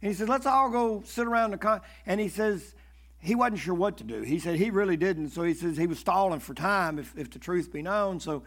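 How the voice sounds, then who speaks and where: High-voiced animated male preacher. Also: fairly quick. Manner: animated, swings between loud and hushed; stammers and repeats words. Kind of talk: sermon storytelling.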